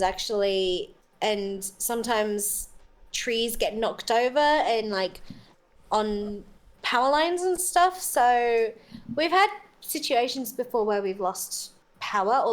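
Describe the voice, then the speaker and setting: An Australian woman chatting casually as a guest, giggly and full of "like" fillers. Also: a little high. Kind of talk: casual chat.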